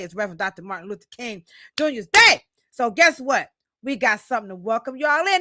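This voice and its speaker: A woman's voice: a little high, brisk, no room sound, studio quality. A woman hosting a live podcast in a casual, playful way. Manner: lively, playful, breaks into song. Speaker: podcast host. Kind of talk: casual live-stream chat.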